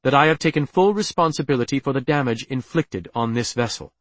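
A man's voice: medium pitch, lively intonation, brisk, no room sound, natural voice. A man voicing a tense, proud male alien officer who speaks in a clipped, stiff and indignant way.

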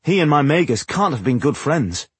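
A man voicing a cautious, evasive young male dwarf in an audiobook, with a husky voice and a raised pitch. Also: sing-song, normal speed, a bit bright, no room sound, exaggerated voice. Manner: hesitant, evasive.

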